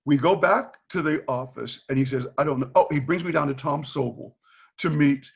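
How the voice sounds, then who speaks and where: Gravelly older man telling lively stories. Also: a little high, normal speed. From Boston. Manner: animated storyteller, acts out quoted dialogue, laughs often. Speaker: retired teacher, guest. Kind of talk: candid storytelling in a video call. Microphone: video call.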